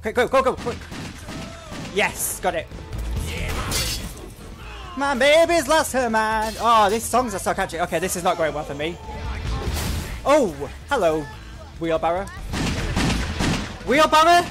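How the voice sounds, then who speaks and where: A high-pitched man narrates his gameplay with a wildly swinging, animated voice. He is excitable, swears often and mutters to himself as he plays. Catchy game music plays clearly behind him. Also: normal speed, pauses often. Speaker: gaming channel host. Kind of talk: let's play commentary. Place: at home wearing headphones.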